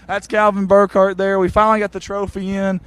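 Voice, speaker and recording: A man, reporting from the sideline of a football field after a game and interviewing people with eager, warm praise. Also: sits high, fairly quick, smooth. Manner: excited, warm toward players, repeats "I'm gonna tell you something".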